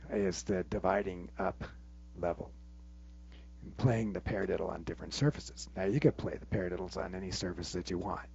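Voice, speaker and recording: A man teaching a drum lesson, explaining step by step in a relaxed way and counting stickings aloud. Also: low-pitched, vocal fry, husky. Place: room with a drum kit. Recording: muffled sound with loud drums. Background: loud drumming between phrases.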